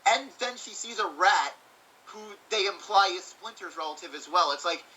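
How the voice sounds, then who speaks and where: A man's voice: sits high, animated, normal speed, pushed and bright, distant mic, low-quality recording. A man co-hosting a casual movie-review chat, swearing freely and acting out quotes. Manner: swears freely, acts out quotes in funny voices. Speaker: co-host.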